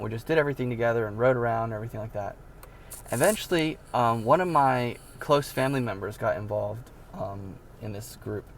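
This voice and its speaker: A man's voice: medium pitch, vocal fry, slight background noise. A man telling a personal story in a casual, rambling way, with many fillers and sudden bursts of disbelief. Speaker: vlogger telling his life story.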